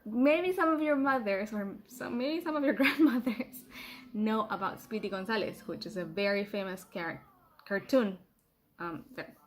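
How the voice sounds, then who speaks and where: A middle-aged woman teaching a children's language lesson in a playful, patient way, repeating words slowly for pupils to copy. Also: medium pitch. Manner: playful, laughs at herself.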